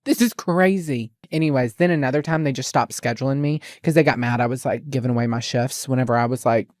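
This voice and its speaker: A man's voice: medium pitch, fast, no echo, studio quality. A young man, telling retail stories in a sassy, dramatic casual chat and acting out the dialogue. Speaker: podcast host.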